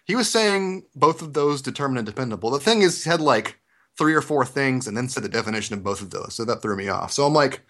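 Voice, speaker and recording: Animated Southern man telling a story. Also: mid-range voice, brisk. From Georgia, US South. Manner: animated storyteller, acts out quotes. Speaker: podcast host. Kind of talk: casual podcast chat.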